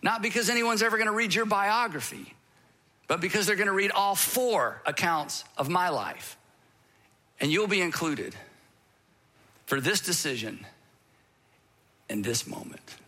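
Bright-voiced preacher telling a dramatic story. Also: male voice, fairly high pitch, moderate pace, long pauses. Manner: dramatic storytelling, swinging from emphatic to whispered. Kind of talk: sermon.

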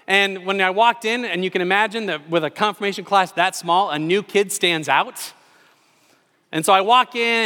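A man in his forties preaching a sermon in a church, telling a personal story with animated, self-deprecating humor. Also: high-pitched. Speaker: pastor. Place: church sanctuary. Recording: long reverb of a large hall.

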